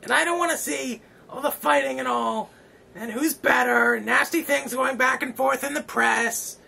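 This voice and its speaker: A man's voice: very high-pitched, moderate pace, creaky, sharp tone, breathy edge. A man hosting a comedy vlog, giving a rambling, self-important farewell speech and then interviewing a guest. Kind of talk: mock-solemn comedy monologue.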